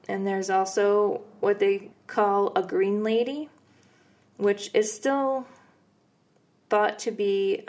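A woman co-hosting a podcast, casually recounting ghost stories with fillers and easy laughs. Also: medium pitch. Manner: relaxed, rambling with fillers and laughs. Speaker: podcast co-host. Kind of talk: casual storytelling chat.

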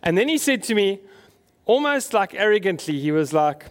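A man's voice: high-pitched, sing-song, moderate pace. A man preaching a conversational sermon to his congregation, asking them questions as he goes. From South Africa. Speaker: pastor.

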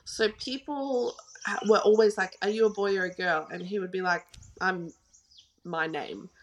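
An Australian woman in her thirties, a photographer appearing as a podcast guest, tells stories in a chatty, casual conversation. Her mid-range voice has fairly even intonation at a normal speed, and she fills her speech with lots of "like."

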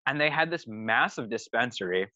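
A man's voice: mid-range voice, expressive, moderate pace, sharp tone, no room sound, highs cut off. A man in casual podcast chat, telling a tour story with lots of swearing and laughter. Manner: swears a lot, laughs through his story. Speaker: touring musician telling a story.

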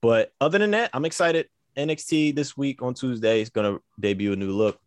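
A man's voice: mid-range voice, fairly quick, no room sound. A man co-hosting a podcast in laid-back, slangy, rambling casual chat. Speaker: podcast co-host.

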